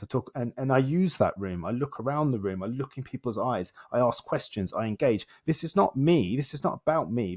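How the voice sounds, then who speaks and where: Animated man telling stories. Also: medium pitch. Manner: animated, acts out dialogue, talks in short repeated phrases. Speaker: self-development coach, guest. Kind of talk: conversational storytelling in a podcast interview.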